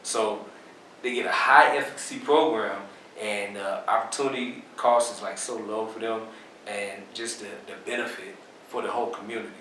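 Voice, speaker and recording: A man being interviewed, explaining his business in a relaxed, casual way with plenty of fillers. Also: fairly low pitch, normal speed, distant mic, a little hiss or hum. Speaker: interview guest, business owner. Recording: very echoey room, off mic.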